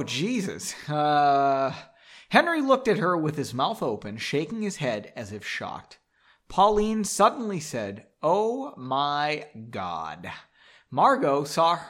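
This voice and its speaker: A man's voice: a little high, sing-song, slow pace, a bit bright. Sarcastic man reading a story aloud. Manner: sarcastic, mocking asides, drinking while reading. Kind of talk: comedic dramatic reading with asides. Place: basement home studio.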